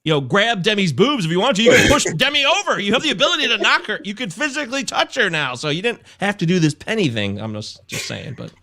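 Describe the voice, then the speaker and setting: A man's voice: sits high, big pitch swings, quick pace, few pauses, sharp tone. A man hosting a film podcast, giving opinionated, jokey takes in casual chat. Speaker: podcast co-host.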